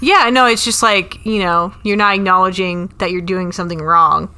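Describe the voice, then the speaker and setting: A woman's voice: on the low side, fairly even intonation, moderate pace, sharp tone, smooth. A woman co-hosting a comedy podcast in casual chat, rambling through stories with many fillers. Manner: rambling storytelling, lots of "like", acts out quotes.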